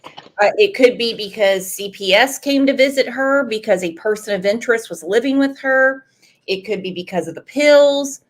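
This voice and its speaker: A woman's voice: fairly high pitch, moderate pace. A woman hosting a true crime commentary show, opinionated and full of rhetorical questions. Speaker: host.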